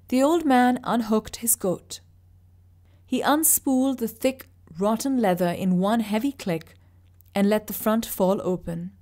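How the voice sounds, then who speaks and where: Woman reading fiction aloud. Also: medium pitch. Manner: steady, vivid storytelling. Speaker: reader. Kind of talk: audiobook narration.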